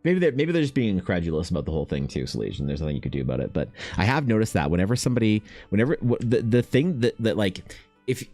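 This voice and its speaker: A young man chatting casually on his art stream, rambling and swearing freely, often mimicking other people in quick high voices. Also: very animated, darkish tone, no room sound, faint music behind. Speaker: artist streaming while painting.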